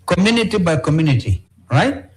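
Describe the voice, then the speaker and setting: A Kenyan-accented man speaks as an opposition politician in an interview. He is emphatic, repeats his points and keeps asking "all right?". His voice sits a little on the high side. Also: sing-song, brisk, a little hiss or hum, poor audio.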